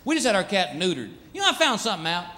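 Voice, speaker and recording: A man doing stand-up comedy with punchy, animated storytelling. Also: high voice, very fast.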